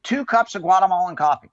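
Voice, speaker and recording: A man coaching on sales calls with high energy, acting out phone greetings in quoted voices. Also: dry recording. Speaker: sales guest. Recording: dull lo-fi sound.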